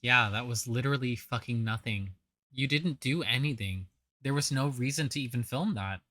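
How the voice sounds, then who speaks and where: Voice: mid-range voice, moderate pace, fairly bright tone, no echo, clean studio sound. A reaction commentator talking over a clip in a blunt, mocking way, swearing casually as they pick apart what they watch.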